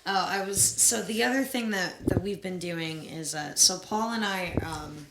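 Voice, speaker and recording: A woman with a New Jersey accent chats as a podcast guest, telling band stories with easy laughter. Her voice sits low, and a faint hiss runs under it. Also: unhurried. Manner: chatty storyteller, laughs often. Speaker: guest musician. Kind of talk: casual chat. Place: podcast studio.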